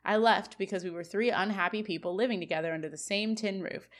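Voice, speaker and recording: A woman co-hosting a podcast, recapping a TV episode scene by scene and reading quoted lines in a flat voice. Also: mid-range voice, fast. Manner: recounts scenes, quoting lines in a flat read. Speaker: podcast co-host. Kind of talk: casual recap chat.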